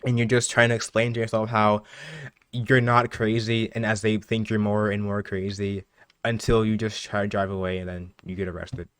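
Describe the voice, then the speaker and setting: A man's voice: on the low side, normal speed, clear, resonant tone. A young man co-hosting a podcast, spinning a comic made-up story with lots of laughing and stumbling restarts. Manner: animated storyteller, laughing often, many restarts. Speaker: podcast co-host. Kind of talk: casual chat, spinning a comic made-up scenario.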